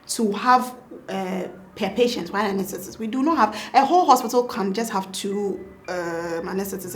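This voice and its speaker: Speaking at a medium pitch, a woman with a Ghanaian accent shares the story of giving birth in an informal interview. She is a doctor as well as a mother, and she laughingly reenacts her own earlier words.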